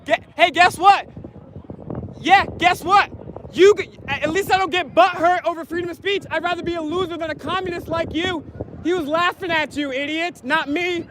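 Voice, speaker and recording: A man filming on his phone outdoors, loudly heckling and taunting officials with repeated insults. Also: very high voice, fairly even intonation, normal speed, a little hiss or hum. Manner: mocking, repetitive insults. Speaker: YouTube auditor filming officials. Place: outdoors at a public event. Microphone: handheld phone camera.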